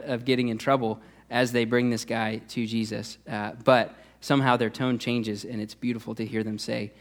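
A man's voice: mid-range voice, little pitch movement, normal speed. Conversational male youth pastor preaching. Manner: conversational, many "uh" fillers and restarts. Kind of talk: sermon.

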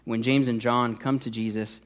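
Brief: male youth pastor, relaxed sermon delivery, mid-range voice, lots of fillers. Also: mid-range voice, moderate pace. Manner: conversational, many "uh" fillers and restarts.

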